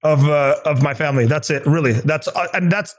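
A man's voice: on the high side, a little fast. A man with a slightly raised voice talks loosely, piling up fillers and false starts. He sounds earnest and unpolished, circling back on his own sentences in an easygoing chat. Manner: rambling, filler-heavy, earnest. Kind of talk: casual chat.

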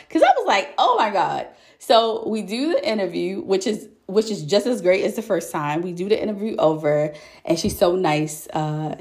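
A young woman podcast host chatting casually, telling a story in an animated way and calling her listeners y'all. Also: fairly low pitch, vocal fry. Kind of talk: casual solo chat.

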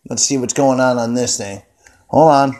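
A man's voice: mid-range voice, fairly even intonation, normal speed, a little mellow, slight background noise. Angry, profane man ranting into his phone. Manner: angry, heavily profane, rambling. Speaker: vlogger. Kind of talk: unscripted profane rant. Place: indoors at home, seated.

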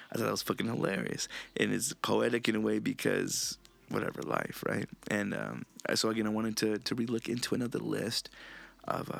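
A man hosting a podcast in a casual, profane, rambling monologue, reading quotes in a hushed voice. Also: fairly low pitch, gravelly. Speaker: podcast host.

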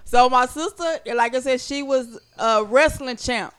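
A woman co-hosting a podcast, chatting casually and telling stories in an animated, blunt way. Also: high voice, measured pace, clear, resonant tone. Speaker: podcast co-host. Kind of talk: casual chat.

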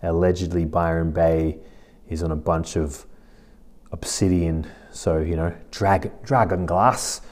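A man talks through a solo podcast episode in a relaxed, rambling way. His voice sits low and sounds dark and mellow. He thinks aloud as he goes. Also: measured pace. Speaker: podcast host. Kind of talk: casual solo podcast monologue.

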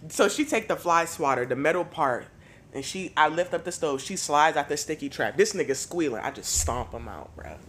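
Animated, bright-voiced man telling stories. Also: on the high side, moderate pace. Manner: animated, profane storytelling. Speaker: podcast host. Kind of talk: casual chat.

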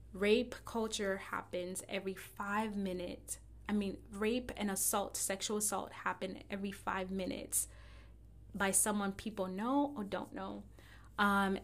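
A woman giving a blunt, impassioned and profane monologue straight to her listeners. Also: a little high.

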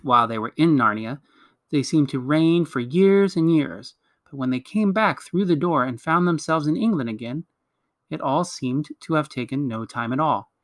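Man reading a children's book aloud, higher voice, dry close sound, measured with small slips. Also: lively intonation, fairly bright tone, no echo. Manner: measured, with occasional slips and self-corrections. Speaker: reader.

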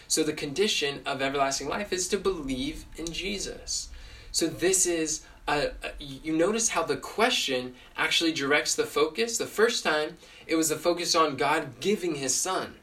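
A man with a slightly raised voice teaches in a casual podcast, earnest and quick, often restarting his sentences and filling gaps with small words. His voice sits a little back from the microphone. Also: a little high, sharp tone, distant mic. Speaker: podcast host and Bible teacher.

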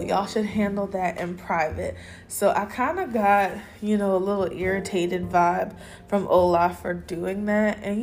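A woman's voice: mid-range voice, darkish tone. A woman hosting a podcast, recapping episodes alone in a casual chat, candid and opinionated with plenty of slang. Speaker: podcast host.

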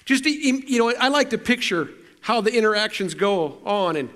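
A man's voice: high voice, lively intonation, normal speed, hardly any pauses, fairly bright tone. A middle-aged man preaching a sermon, telling personal stories in a conversational, self-deprecating way with frequent restarts. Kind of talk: storytelling sermon.

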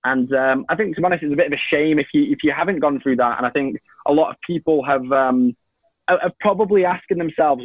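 A man's voice: a little high, fast, no room sound. Rambling young man on a tinny line. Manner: rambling, many restarts and fillers. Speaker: guest. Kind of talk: casual reflective interview answers. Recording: tinny phone-like line, dry.

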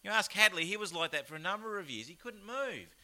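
An Australian man delivers a lively sermon in a fairly high voice. His tone is bright and forceful, and his pitch rises and falls widely as he throws in rhetorical questions. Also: a little fast. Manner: animated, chatty, with rhetorical asides. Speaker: pastor.

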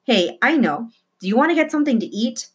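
A woman's voice: on the high side, very animated, fairly quick, slightly rough, pitched above the performer's own voice. A woman voicing a careful, evasive father in a storybook reading, answering questions with questions.

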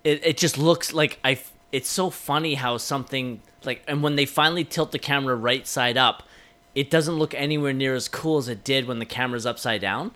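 A man's voice: medium pitch, fairly quick, a bit bright. A man co-hosting a movie podcast, talking in an enthusiastic, casual way and swearing freely. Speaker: podcast co-host. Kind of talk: casual chat.

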